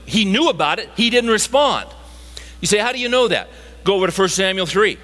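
A man's voice: high-pitched, lively intonation, fairly quick, fairly bright tone. A middle-aged man preaching a sermon, emphatic and full of rhetorical questions to his listeners. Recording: long hall reverb.

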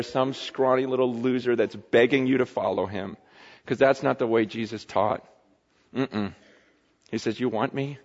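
A man pastor preaching a sermon with impassioned swings between loud pleading and hushed confession. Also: mid-range voice, big-room sound, muffled recording.

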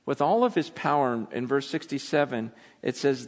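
A man preaching a sermon, animated and dramatic, acting out scripture scenes as he retells them. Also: medium pitch, normal speed, big-room sound. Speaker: pastor.

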